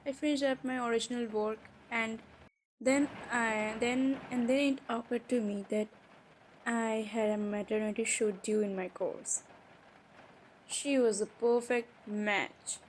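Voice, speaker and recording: A woman's voice: fairly high pitch, fairly even intonation, measured pace, slight background noise, rough recording. Chatty young woman in an audio roleplay.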